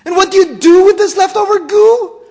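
The Lorax, shrill and scolding. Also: male voice, lively intonation, takes it slowly, big-room sound, exaggerated voice. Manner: shrill, shouting, coughing and croaking. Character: fussy small male forest creature, scolding. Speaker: preacher reading a story aloud.

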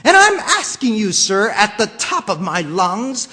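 A man voicing a short, old, mossy male forest creature who speaks in a sharp, bossy shout while reading a storybook aloud. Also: very high-pitched, wildly swooping pitch, extremely slow, big-room sound, pitched above the performer's own voice, heavily acted. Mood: indignant.

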